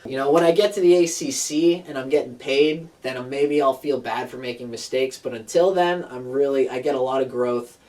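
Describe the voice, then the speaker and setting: A man teaching a guitar song in a relaxed, rambling way, with plenty of fillers. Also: medium pitch, normal speed, hardly any pauses. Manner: laid-back, rambling, many fillers. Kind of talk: casual guitar tutorial. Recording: distant mic with loud guitar.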